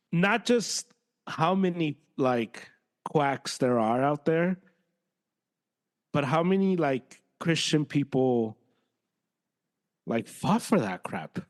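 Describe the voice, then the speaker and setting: A man co-hosting a podcast in casual chat, animated and given to sudden jumps in pitch when exasperated. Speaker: podcast co-host.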